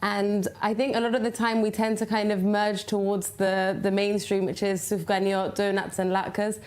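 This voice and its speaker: A woman's voice: mid-range voice, little pitch movement, normal speed, a little mellow. A woman guest in a TV studio, earnestly explaining a traditional dessert. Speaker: podcaster and recipe developer. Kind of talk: studio interview.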